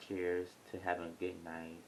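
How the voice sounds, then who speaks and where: A young YouTuber with a very low, slightly mellow voice reviews a reality show in a casual vlog, rambling in a blunt, chatty way at a moderate pace and a monotone. He records at home near an airport, where a faint rumble of passing planes hums behind him, and the audio is poor.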